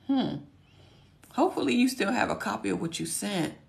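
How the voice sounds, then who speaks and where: A woman hosting a casual livestream Q&A. Her voice is hoarse and cracking, and she talks in a folksy, chatty way, muttering to herself as she looks for things. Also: mid-range voice, animated, moderate pace, a little mellow. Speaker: host answering viewer questions.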